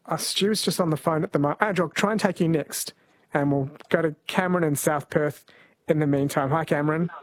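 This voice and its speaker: Husky-voiced radio host. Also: male voice, on the high side, brisk, dry recording. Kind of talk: talkback radio quiz.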